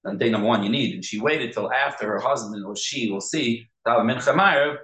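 A man's voice: medium pitch, a little fast, a bit bright, echoey room, low-quality recording. A man teaching a halacha class in Yeshivish English, explaining step by step and repeating key points. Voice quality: Yeshivish English with Hebrew and Yiddish terms. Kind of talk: Torah class lecture.

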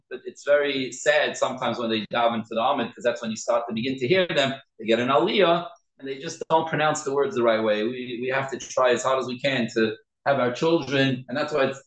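Man, mid pitch, earnest teacher, drills pronunciation word by word; roomy echo. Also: fairly bright tone. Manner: earnest, repeats words slowly to correct them. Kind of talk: informal class talk. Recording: echoey room.

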